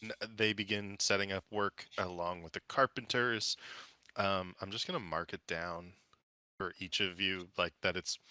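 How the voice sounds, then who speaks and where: Guy running a tabletop game, lowish bright voice, chatty and loose, dry sound. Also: steady tone, normal speed, clear, resonant tone, dry recording. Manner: casual, with many fillers and restarts. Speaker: game master.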